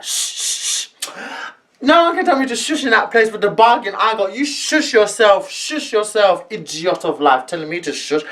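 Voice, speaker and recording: A young man telling a story in an animated, laughing way, full of slang. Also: sits high, slight background noise. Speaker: vlogger. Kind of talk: storytime vlog.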